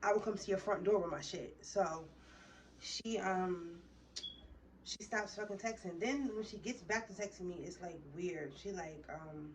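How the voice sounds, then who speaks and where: A woman's voice: on the low side, distant mic, slight background noise. A woman vlogger telling a heated, profane story straight to her viewers in a casual storytime.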